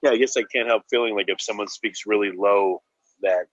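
A man's voice: fairly low pitch, steady tone, a little fast, no echo, muffled recording. A man interviewing a guest, asking questions in a casual, hesitant way.

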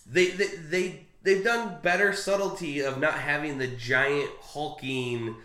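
A man chatting casually about a comic, rambling and halting with fillers and restarts. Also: a little high, steady tone, bright, forceful tone, reverberant. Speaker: co-host discussing a comic. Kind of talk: casual chat.

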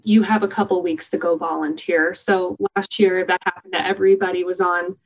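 A woman's voice: fairly low pitch, little pitch movement, a little fast, rough recording. A woman guest in an interview, talking with enthusiasm about the volunteer program she organizes and telling stories from it. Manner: enthusiastic, upbeat storytelling. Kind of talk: conversational interview answers.

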